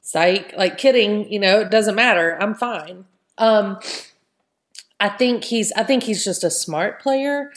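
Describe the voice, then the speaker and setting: Woman, podcast host, casual chat, mid-pitched voice, keeps adding "right?". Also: a little slow.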